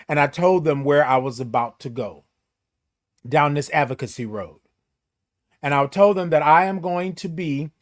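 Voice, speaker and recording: Guy doing a morning stream, kinda high voice, preachy and emphatic, shouts out viewers by name. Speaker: host. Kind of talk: casual morning livestream talk.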